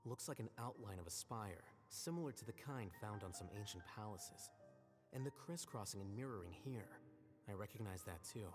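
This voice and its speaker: An actor playing a calm, reserved male scholar who explains things in a measured, composed way in game audio. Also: lowish voice, big-room sound, music in the background, natural voice.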